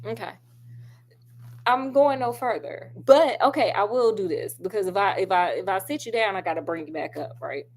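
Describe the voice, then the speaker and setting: A woman's voice: medium pitch, normal speed, a little mellow. A woman chatting casually about a film with lots of asides, talking straight to her viewers while she does crafts at home. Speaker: film reviewer.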